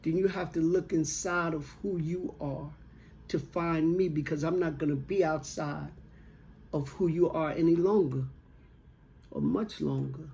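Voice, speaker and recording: A man voicing his dying elderly mother, who speaks slowly, plainly and tenderly but firmly. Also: fairly high pitch, fairly even intonation, vocal fry, darkish tone. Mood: earnest. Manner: slow, plain-spoken, tender but insistent.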